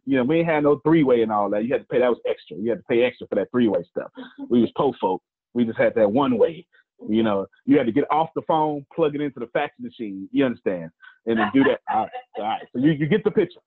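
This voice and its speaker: A man tells personal stories in a casual, joking style, throwing in preacher-like asides to his listeners. His voice is husky and a little rough at mid pitch. It sounds thin and tinny, like a phone call. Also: animated, fast talker. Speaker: motivational speaker. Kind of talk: casual storytelling talk. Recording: phone-like lo-fi line.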